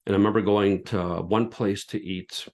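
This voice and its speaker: Guy in his 50s, kinda low voice, telling his own story on his podcast, earnest, repeats himself a lot. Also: fairly even intonation, moderate pace, a little mellow. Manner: earnest and candid, often repeating words as he goes. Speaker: podcast host. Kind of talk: personal storytelling.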